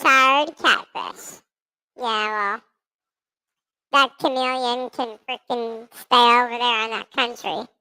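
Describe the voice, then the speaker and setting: Giggly woman vlogger, slow and bright, playful chat. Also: fairly high pitch, steady tone, smooth. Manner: giggly, playful, trying out funny voices. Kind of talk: silly casual chat with impressions.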